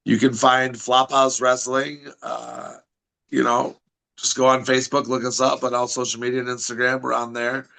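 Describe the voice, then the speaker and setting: A man's voice: medium pitch, level tone, moderate pace, vocal fry, sharp tone, low-quality recording. A man chatting as a podcast guest, brash and swearing, talking up his wrestling events while losing his voice. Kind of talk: casual chat.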